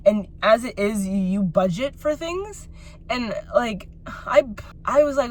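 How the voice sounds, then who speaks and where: A woman's voice: fairly high pitch, measured pace, slight background noise. A woman vlogging to her phone, venting at length in a rambling, exasperated way with lots of filler words. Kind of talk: personal vlog rant.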